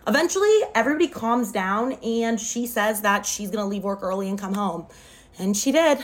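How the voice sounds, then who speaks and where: A woman's voice: mid-range voice, expressive, moderate pace. A young woman telling a wild personal story to camera, dramatic and full of "like". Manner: dramatic retelling, often says "like". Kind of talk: storytime vlog.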